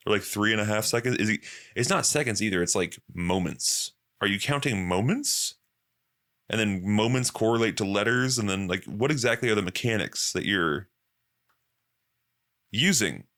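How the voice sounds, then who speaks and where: A man's voice: fairly low pitch, a bit bright. A young man hosting a podcast, chatting casually and profanely and acting out quoted voices. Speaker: podcast host.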